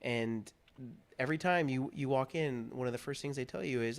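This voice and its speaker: An earnest man from Pennsylvania speaks candidly as a talk show guest. His voice sits at an ordinary middle pitch. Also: a little fast. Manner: earnest, candid, animated when moved. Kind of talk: personal story in a talk show interview.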